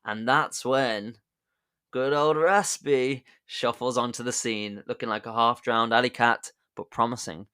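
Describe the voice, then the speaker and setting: A man's voice: medium pitch, fairly even intonation, a little slow, sharp tone, clear, resonant tone. A man hosting a podcast, chatty and jokey, telling history as a casual story and laughing at his own jokes. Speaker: podcast host.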